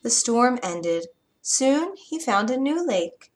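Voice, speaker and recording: A woman reading a children's story aloud, gentle and expressive. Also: a little high, slow pace, faint music behind.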